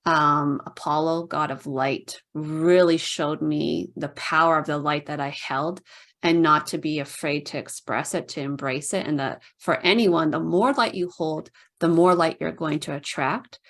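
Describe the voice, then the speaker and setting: A woman's voice: low-pitched, a little slow. A middle-aged woman telling stories casually as a podcast guest, chatty, with many "like"s. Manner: chatty, fills speech with "like", puts on voices for quoted people. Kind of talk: casual storytelling.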